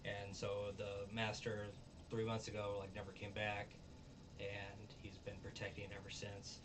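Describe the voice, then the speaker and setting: A man's voice: lowish voice, completely flat delivery, moderate pace, background noise. Rambling man recapping an episode, far from mic. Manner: rambling, filler-heavy, acts out quotes. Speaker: show reviewer. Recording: voice distant from the mic.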